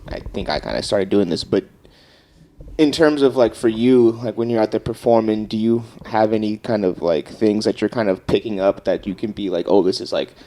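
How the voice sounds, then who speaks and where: A man's voice: lowish voice, moderate pace, warm tone. A young man with a California accent co-hosting a podcast, chatting in a rambling, playful way with lots of fillers. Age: young adult. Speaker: podcast co-host. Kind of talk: casual podcast chat.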